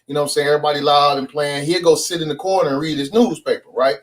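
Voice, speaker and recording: Guest comedian, man, high voice, slangy animated storyteller. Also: rapid-fire. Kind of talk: casual podcast storytelling.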